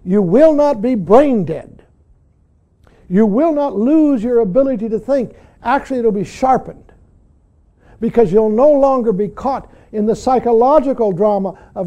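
An older man gives a dharma talk as a Zen teacher. His voice sits high yet sounds mellow and warm. He speaks earnestly and keeps coming back to the word "see". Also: animated, measured pace. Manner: earnest, frequently says "see".

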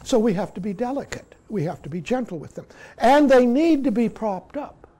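A man giving a Zen dharma talk as the teacher, halting and dropping "see?" after many points. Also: very high voice, animated, warm tone.

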